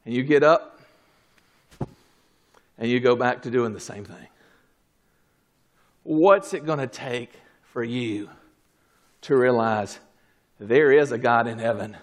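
A man preaching a fervent sermon, swinging from low murmurs to shouted exclamations. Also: slow pace, pauses often.

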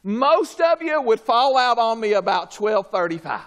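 A pastor preaching a sermon, swinging between shouted peaks and low quiet asides, joking and calling for responses from the congregation. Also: male voice, very animated, moderate pace. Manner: humorous, calls for audience response.

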